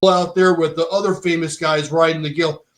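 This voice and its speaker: A middle-aged man spins loose, rambling stories in a high-pitched voice, tripping over restarts and tossing in "dude" and "man". The recording carries a roomy echo around him. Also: flat delivery, brisk. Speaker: podcast guest, former bike shop owner. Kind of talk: casual chat.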